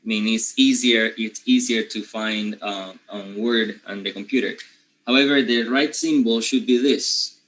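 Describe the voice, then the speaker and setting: A man from Panama with a Panamanian accent, a native Spanish speaker teaching English pronunciation, who often clears his throat and keeps checking in with his students. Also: fairly low pitch, fairly even intonation, measured pace, fairly bright tone, rough recording. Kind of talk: pronunciation lesson.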